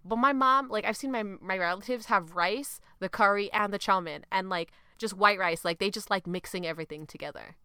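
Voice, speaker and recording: A woman's voice: mid-range voice, a little fast, few pauses, clean tone, no echo, studio quality. A young woman hosting a podcast, chatting casually and laughing often as she tells food stories. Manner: lively, laughing, mimics her mom's voice. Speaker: podcast host.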